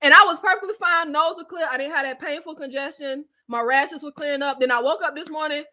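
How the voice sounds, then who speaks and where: A woman hosting a casual live-stream recap chat, animated and slangy, laughing often, with a stuffy nose and scratchy throat. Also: high-pitched, quick pace.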